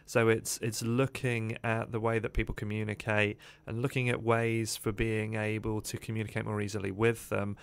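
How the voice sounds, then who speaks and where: A man with a low, smooth and clear voice tells his life story as a podcast guest. He talks in an animated, rambling way and fills his pauses with frequent "uh"s.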